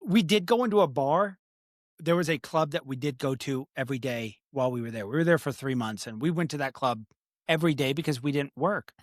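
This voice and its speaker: A man's voice: medium pitch, a little fast, no echo, studio quality. Man rambling through a travel story. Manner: rambling anecdotal storyteller, casual swearing. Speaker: podcast co-host. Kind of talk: casual chat.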